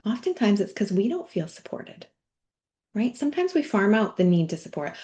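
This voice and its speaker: A middle-aged woman coach leading a guided body practice in a workshop, speaking gently with soft, near-whispered asides. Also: medium pitch, very animated, normal speed.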